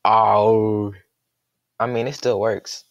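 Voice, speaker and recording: A young man with a lowish, gravelly voice calls his own game in a loose, jokey commentary. He thinks out loud and reacts sharply to every move, and the recording is dry and close to the mic. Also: drawn-out words, dry recording, highs cut off. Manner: excitable, jokey, thinks aloud. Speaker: gaming commentator.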